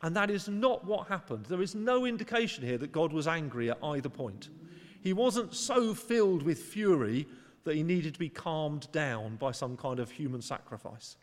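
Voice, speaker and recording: A man's voice: fairly high pitch, animated, moderate pace, in a large hall. A man preaching a sermon in an earnest, conversational way, sometimes acting out short voices for emphasis. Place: church.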